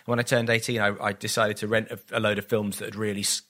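Bright-voiced self-deprecating man chatting. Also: fairly low pitch, flat delivery, fast talker. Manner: self-deprecating, rambling with restarts, acts out quotes. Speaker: comedian guest. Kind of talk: casual podcast chat.

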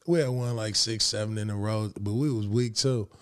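Low-voiced man telling stories. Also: fairly quick, dry recording, studio quality. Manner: animated, laughing, slangy storytelling. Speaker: podcast host. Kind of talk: casual storytelling chat.

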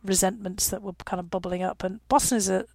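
A woman in her fifties with a Northeast English accent speaks in a gravelly voice, recorded dry and close. She answers an interviewer thoughtfully, filling her pauses with "you know" and laughing wryly now and then. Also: mid-range voice, fairly even intonation, a little mellow, no echo. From northeast England. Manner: reflective, frequent "you know" fillers, wry laughs. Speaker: guest.

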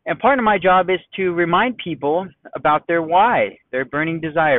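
A man's voice: a little high, normal speed, no room sound. A man hosting a solo podcast as a coach, speaking bluntly and conversationally straight to the listener. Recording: tinny phone-like dry sound.

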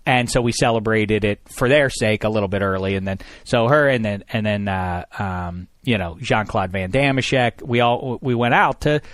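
A man in his thirties hosting a radio talk show, telling a story in a lively, sarcastic way. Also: fairly low pitch, moderate pace, hardly any pauses, no echo, clean studio sound. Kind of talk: casual storytelling chat.

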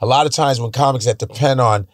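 A man's voice: mid-range voice, fast talker, dry recording. Profane casual man, dry close sound. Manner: loose, profane, slips into voices and accents. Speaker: stand-up comedian guest. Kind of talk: casual chat.

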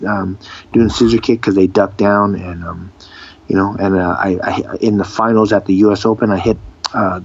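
A man, a fighter and actor, telling stories in a casual interview, animated and full of restarts. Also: lowish voice, slightly rough, highs cut off. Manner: animated, re-enacts dialogue, frequent restarts.

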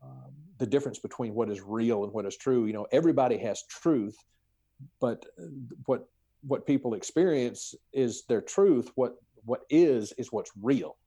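Mellow-voiced man speaking slowly and carefully. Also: medium pitch, husky. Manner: measured, hesitant, many fillers, word-searching. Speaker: podcast guest, spiritual teacher. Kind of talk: casual conversation.

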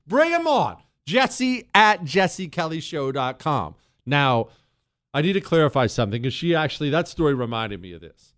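A man's voice: on the high side, sing-song, moderate pace, fairly bright tone, clean tone. A man hosting a call-in radio talk show, brash and joking as he talks.

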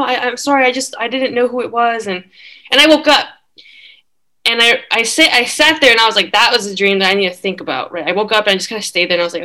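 Chatty bright-voiced young woman. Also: mid-range voice. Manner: chatty, many fillers. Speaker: guest. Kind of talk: casual storytelling.

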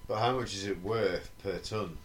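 A man's voice: sits low, steady tone, normal speed, slight background noise. A man co-hosting a casual podcast, teasing and laughing along. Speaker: podcast co-host. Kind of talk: casual chat.

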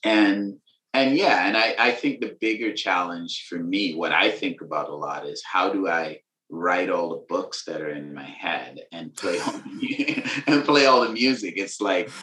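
Deep-voiced laid-back man. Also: normal speed, reverberant. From Venezuela. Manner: relaxed, laid-back slang, laughs between thoughts. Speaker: musician and author guest. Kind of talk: casual interview chat.

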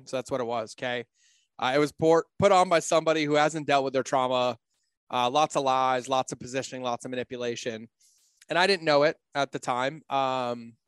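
A man talking casually on a podcast, blunt and animated, swearing freely and acting out his own quotes. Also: clear, resonant tone, no echo. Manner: acts out his own quotes with big pitch jumps.

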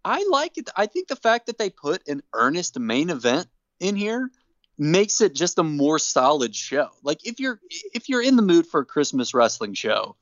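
Lively, jokey man recapping a show. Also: a little high, normal speed, dry recording, muffled recording. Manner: enthusiastic, jokey storytelling. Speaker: podcast co-host. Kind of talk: casual chat, recapping a show.

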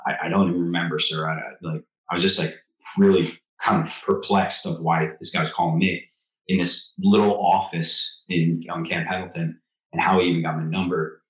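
A man in his forties, a former Marine officer, talking as an interview guest. He tells animated stories and acts out quotes. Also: low-pitched, normal speed. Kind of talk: casual storytelling interview. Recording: roomy echo.

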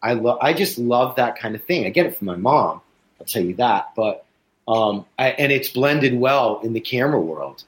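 A man from Chicago, USA, hosts a casual chat, telling anecdotes as an animated storyteller and acting out other people's voices. His voice is mid-range, at a normal speed.

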